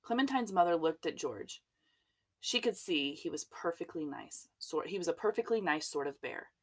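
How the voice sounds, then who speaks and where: A woman reading a children's storybook aloud in an expressive, unhurried way. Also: lowish voice.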